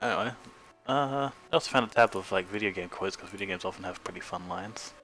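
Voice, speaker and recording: A man's voice: sits low, fairly quick, a bit bright, faint music behind. A young Australian man with an Australian accent, chatting casually and rambling with self-amused asides as a streamer.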